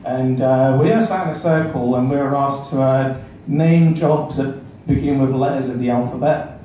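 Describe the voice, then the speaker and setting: A man's voice: medium pitch, normal speed, warm tone. A man doing a stand-up set, self-deprecating and chatting awkwardly with the audience. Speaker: stand-up comedian. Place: comedy club stage. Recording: echoey club room, mic far off, background noise.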